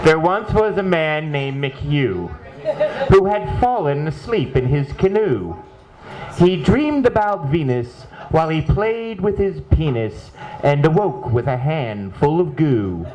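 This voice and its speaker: A man with a fairly high voice recites dirty limericks and throws in quick jokes between the others. A live crowd is clearly heard around him. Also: sing-song, rough recording. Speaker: joke contestant.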